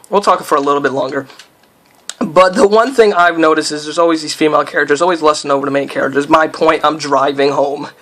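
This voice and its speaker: A man's voice: a little high, a bit bright. A man from the United States giving loose, rambling commentary over his own gameplay, with lots of fillers and sudden yelps. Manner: breaks off into startled yelps at the game. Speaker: let's player.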